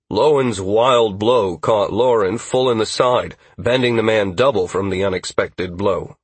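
A man narrating a fantasy audiobook in a steady, even storytelling manner on a close studio mic. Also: on the low side, a little slow, few pauses, slightly rough, no room sound.

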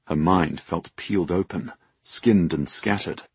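Deep husky male audiobook narrator. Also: dry recording. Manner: measured, dramatic. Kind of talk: scripted narration.

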